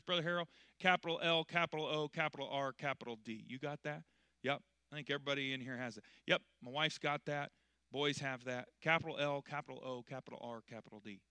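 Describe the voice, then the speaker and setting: A middle-aged man preaching a sermon in church as pastor, swinging between loud, emphatic preaching and quiet, conversational explaining. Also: fairly high pitch, no room sound.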